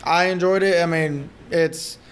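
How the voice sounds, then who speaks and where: Man, podcast co-host, wry jokey remarks, high-pitched. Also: steady tone, unhurried, clean tone. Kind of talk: casual movie discussion.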